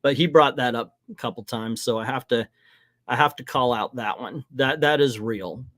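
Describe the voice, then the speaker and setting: A middle-aged man hosts a casual livestream from in front of a green screen. He rambles frankly and hesitates often. His voice sits at an ordinary pitch in a dry, close sound. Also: normal speed, fairly bright tone, no echo. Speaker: livestream host.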